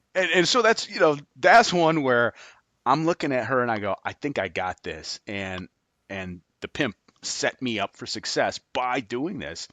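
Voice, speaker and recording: A man's voice: medium pitch, measured pace, no room sound. A man, a former FBI agent, telling stories as an interview guest, acting out the dialogue and laughing often. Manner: animated storyteller, laughs often, acts out dialogue. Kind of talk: storytelling in a podcast interview.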